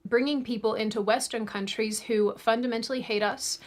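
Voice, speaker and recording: A woman's voice: on the high side, fairly even intonation, a little fast. A woman from Sydney hosting her own channel, delivering an earnest, heated political monologue. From Australia, Sydney. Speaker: video essay host.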